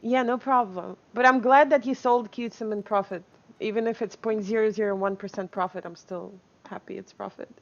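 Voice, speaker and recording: A woman's voice: mid-range voice, steady tone, normal speed, hardly any pauses. Woman streamer chatting with her viewers, laughs a lot, kinda muffled lo-fi mic. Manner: chatty, laughs often, reads chat aloud. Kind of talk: casual live-stream chat with viewers.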